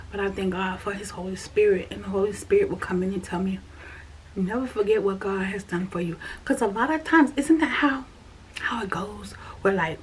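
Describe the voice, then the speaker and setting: Earnest woman sharing her faith. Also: medium pitch. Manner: earnest, repetitive, drifts into soft whispers. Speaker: vlogger sharing a faith check-in. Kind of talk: casual spoken testimony to camera. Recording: faint background noise.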